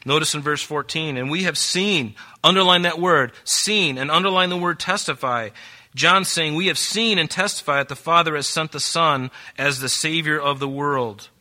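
A man preaching a sermon as pastor, animated and acting out quoted voices. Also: on the high side, normal speed.

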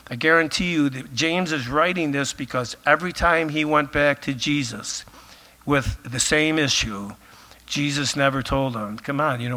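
A man delivers a sermon in a casual, chatty way, peppering his points with filler phrases. His voice is bright and forward, though it is starting to wear thin as he loses it. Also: mid-range voice. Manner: conversational, many filler phrases. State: losing his voice. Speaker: pastor.

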